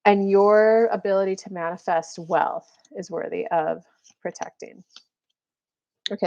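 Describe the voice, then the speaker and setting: A woman's voice: mid-range voice, fairly even intonation, moderate pace, gravelly, darkish tone, muffled recording. A woman giving a casual, chatty live-stream card reading as a spiritual coach, full of fillers and little acted-out quotes.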